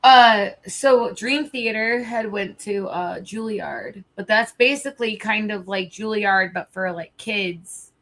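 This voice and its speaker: A young woman live streaming in casual chat, emotional and on the verge of tears, pausing to collect herself with soft trailing asides. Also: mid-range voice, rough recording.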